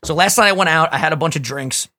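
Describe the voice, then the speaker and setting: A young man co-hosting a casual podcast, telling profane stories in an animated way and getting loud and laughing at the wild parts. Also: on the high side, fast talker, no echo. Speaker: podcast co-host.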